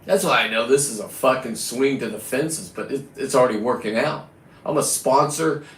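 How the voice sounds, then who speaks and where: A man's voice: mid-range voice, moderate pace, fairly bright tone. A middle-aged man rambling through a profane, boastful casual monologue to his viewers. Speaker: vlogger. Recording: echoey room.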